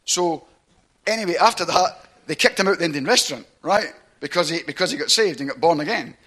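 Preaching a sermon in a brisk, fairly high voice, this Glasgow man tells his stories in a chatty, animated way, his Glaswegian accent strong as he keeps asking "right?" to check in.

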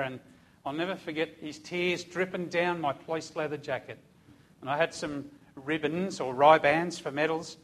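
A high-pitched male preacher recounting a story from his police days. He tells it vividly, his voice swelling loud and then dropping soft as the emotion runs through it. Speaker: preacher, former police officer. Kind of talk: emotional sermon testimony.

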